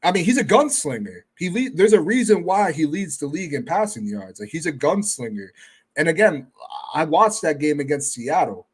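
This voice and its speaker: A man on as a guest who talks football in a casual, measured way, often hedging his points. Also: a little high, husky. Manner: relaxed, measured, hedging with "I mean". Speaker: guest fan analyst. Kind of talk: casual sports talk.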